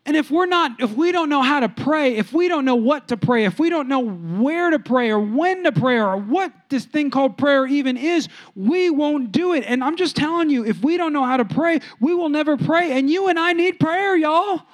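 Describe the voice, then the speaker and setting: High-voiced preacher. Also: male voice, normal speed, hardly any pauses. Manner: animated storytelling preacher, talks to the room directly. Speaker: pastor. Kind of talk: sermon.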